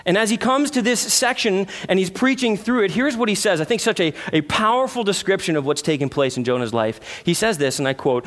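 A man preaching a sermon, earnest, with rhetorical questions and dramatic pauses. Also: high-pitched, lively intonation, fairly bright tone. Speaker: pastor.

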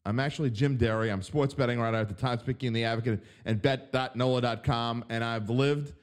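A man's voice: medium pitch, steady tone, a little fast, smooth. A man from Southeast Louisiana with a New Orleans accent, hosting a sports podcast in a wry, joking way that often corrects itself. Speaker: podcast host, sports betting writer.

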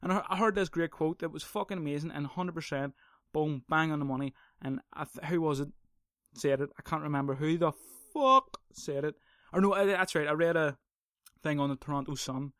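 A man's voice: a little high, steady tone, brisk, dry recording, clean studio sound. A young man hosting a casual solo podcast, swearing, rambling and sarcastic. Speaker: podcast host.

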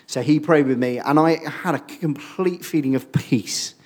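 A man, preaching a sermon and telling a personal story in a lively way, acting out the quoted speech. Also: a little high, normal speed.

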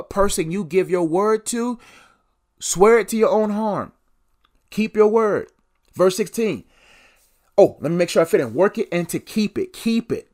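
Young guy preaching on his own podcast, slightly high voice, keeps repeating lines for emphasis. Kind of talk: solo devotional podcast teaching.

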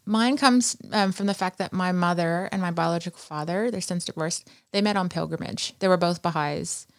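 A woman with a fairly low voice tells stories in a chatty, animated way. She speaks as an interview guest. The recording is close and dry, with no room sound. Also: normal speed, no room sound. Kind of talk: conversational interview storytelling.

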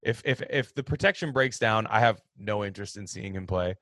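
Man, low voice, casual sports talk host, opinionated, rambling, dry close mic. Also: brisk, dry recording. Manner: rambling, opinionated, animated with restarts.

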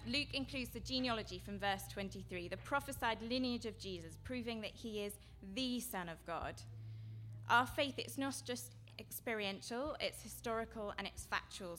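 A woman giving an earnest sermon-style seminar talk, her voice going from quiet to loud. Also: fairly high pitch, slight background noise. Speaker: seminar speaker.

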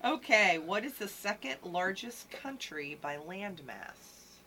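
A woman's voice: medium pitch, animated, slow pace, pushed and bright. A woman co-hosting a casual show, running a trivia game in an upbeat way. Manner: upbeat, laughs easily. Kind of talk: casual chat.

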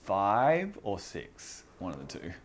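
A man's voice: fairly low pitch, huge pitch swings, takes it slowly. A man preaching a casual sermon to a small group, earnest and conversational, often repeating himself. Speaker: pastor.

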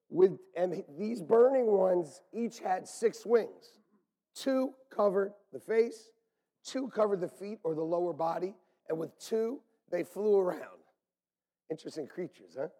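A man preaching a sermon as pastor, animated and swinging from loud calls to hushed near-whispers. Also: a little high, husky, in a large hall.

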